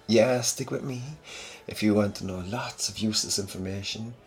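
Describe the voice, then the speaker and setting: In a soft-spoken boyfriend role-play, a young man with a lowish voice addresses the listener at normal speed. He sounds gentle, teasing, and affectionate, occasionally dropping into breathy murmurs.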